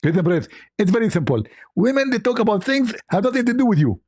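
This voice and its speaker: A man's voice: high voice, very animated, quick pace, a little mellow, husky, no echo, clean studio sound, pitched above the performer's own voice, full character voice. A man voicing a pompous, condescending male preacher who lectures and corrects people. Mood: lecturing. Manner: preachy, condescending, starts with "first of all".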